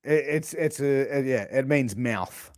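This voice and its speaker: A man with an Australian accent hosts a casual podcast chat. He quizzes his guest in a playful way and gives sample sentences. His voice sits at a middle pitch and sounds dry and close. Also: a little slow, a little mellow, no echo. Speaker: podcast host. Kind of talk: casual interview game.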